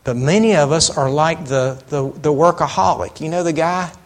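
A man's voice: a little high, moderate pace. A middle-aged man preaching a sermon in a conversational way, asking rhetorical questions and often restarting his sentences. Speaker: pastor.

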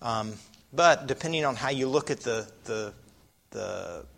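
A man's voice: mid-range voice, lively intonation, a little slow, gravelly, background noise. A man preaching a sermon, often putting rhetorical questions to his listeners.

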